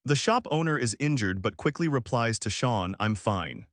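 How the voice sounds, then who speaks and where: Male recap narrator, mid-pitched, even scripted read, dry close voice-over. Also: normal speed, no room sound. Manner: even read-aloud delivery, quoted lines read in the same voice.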